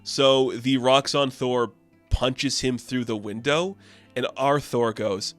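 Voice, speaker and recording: A man recapping a comic book issue in a chatty, loose, excitable way. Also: medium pitch, slow pace, faint music behind. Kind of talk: casual review recap.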